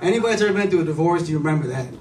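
A man on a club stage telling a rambling comic story in a slightly high voice, loose and chatty with plenty of fillers. He sounds far from the mic in a roomy, echoing space, with the room's murmur clearly underneath. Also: lively intonation, racing, heavy background noise. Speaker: stand-up comedian. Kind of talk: stand-up comedy set. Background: room ambience and audience laughter.

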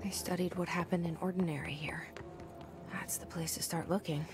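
An actress voicing a guarded young woman agent in a video game, measured and inward-turned. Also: on the low side, steady tone, close to an everyday voice. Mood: hushed, brooding. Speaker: game protagonist. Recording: game audio under background noise.

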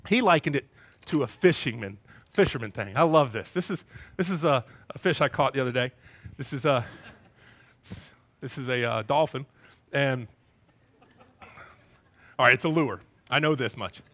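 A male pastor giving a sermon in a church, animated as he acts out scenes with voices and sound effects. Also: medium pitch, normal speed, long pauses. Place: church sanctuary with a congregation.

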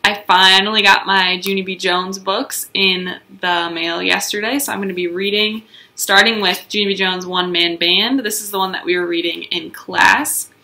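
A young woman teacher reading a children's book aloud to her first graders with expressive storytelling. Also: mid-range voice, moderate pace, few pauses.

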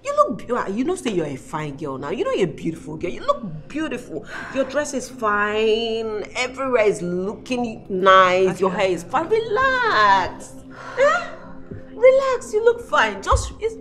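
An actress with a Nigerian accent playing a lively young woman who teases her nervous friend in a film drama, slipping into Pidgin. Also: medium pitch, moderate pace, few pauses. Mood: teasing. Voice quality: teasing, lively, mixing Pidgin into English.

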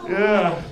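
Self-mocking stand-up comedian man, echoey club. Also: sits high. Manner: quick, self-mocking delivery with acted-out voices. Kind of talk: stand-up set. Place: comedy club stage before a laughing crowd. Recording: echoey club with audience noise.

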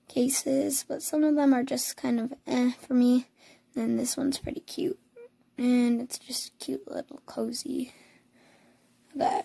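A young woman with a hoarse voice chatting casually as she scrolls through pictures, cooing over the cute ones. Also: high voice, warm tone, no room sound. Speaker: vlogger. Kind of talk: casual screen tour.

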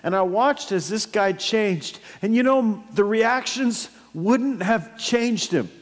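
A high-voiced male pastor delivers a sermon at an unhurried pace, telling stories and breaking into sudden loud bursts. His voice rings with a long reverb through a church hall. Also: animated.

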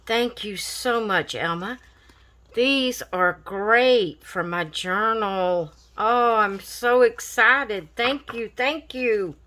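A woman, gushing and excited as she opens craft mail in a casual vlog. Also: fairly high pitch, very slow. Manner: gushing, excited, repeats thanks. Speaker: craft vlogger.

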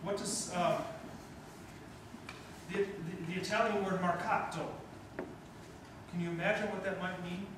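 A man's voice: sits high, steady tone, measured pace, long pauses. A man, questioning and encouraging as he teaches a wind band in rehearsal. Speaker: band clinician. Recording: echoey rehearsal room from far off.

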